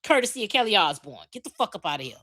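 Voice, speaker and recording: A woman's voice: mid-range voice, very animated, very fast, fairly bright tone. A woman delivering a furious, profane rant packed with repeated rhetorical questions.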